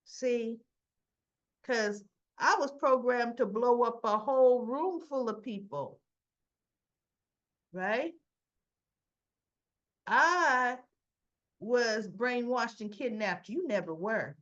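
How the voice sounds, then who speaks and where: A woman's voice: fairly high pitch, takes it slowly, long pauses, a bit bright, highs cut off. A woman hosting a casual soap opera recap, chatty, acting out the characters' lines and adding asides.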